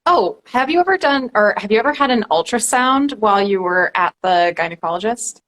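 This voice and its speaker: A woman podcast host in a relaxed, easygoing casual chat. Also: mid-range voice, brisk, rough recording. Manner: relaxed, easygoing, back-channels a lot. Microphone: video call.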